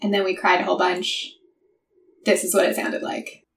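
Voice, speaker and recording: A woman on a casual book podcast recaps the plot in long, breathless run-on sentences, clearly moved by it. She sits a little back from the mic, and her voice rings in an echoey room. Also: lowish voice, level tone, normal speed, distant mic, a little hiss or hum. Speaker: podcast co-host.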